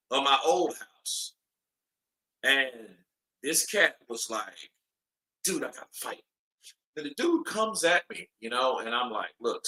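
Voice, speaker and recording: A man's voice: medium pitch, poor audio. A man hosting a boxing watch-along, chatting casually, telling stories and calling the fight live. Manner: loose, chatty, excitable, swears casually.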